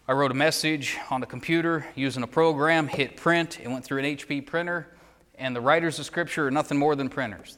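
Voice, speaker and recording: A man preaching a sermon, emphatic, repeating phrases and swinging between loud declarations and hushed asides. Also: mid-range voice, in a large hall.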